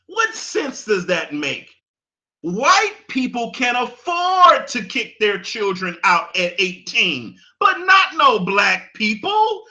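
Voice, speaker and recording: Speaking slowly, a man with a very high, bright, forceful voice swings widely in pitch. As a commentator, he gives a preachy, impassioned monologue full of repeated phrases for emphasis, laughing at the points he makes.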